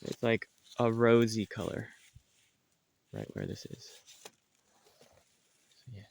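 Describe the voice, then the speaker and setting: A man's voice: fairly low pitch, very animated, takes it slowly, vocal fry, a little mellow. A man giving a casual outdoor tour of his farm, talking loosely with many fillers and restarts. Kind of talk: casual walking tour narration.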